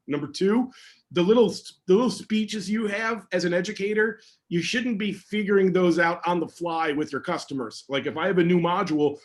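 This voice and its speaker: A man, a security educator, answering questions in a casual online session with energetic, emphatic talk. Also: on the high side.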